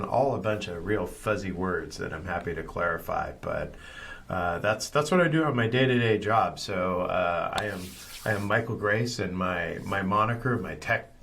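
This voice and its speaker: A man as a podcast guest, talking casually and a bit haltingly, with friendly fillers. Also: on the low side, a bit bright, a little hiss or hum. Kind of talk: casual chat.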